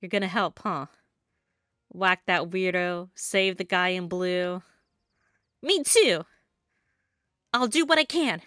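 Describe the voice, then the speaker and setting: A woman's voice: on the low side, slow pace, pauses often, fairly bright tone, no room sound, studio quality, pitched below the performer's own voice. A woman voicing an anxious, chatty young cloud boy from a game. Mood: worried. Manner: worried and urgent. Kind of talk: reading game dialogue aloud.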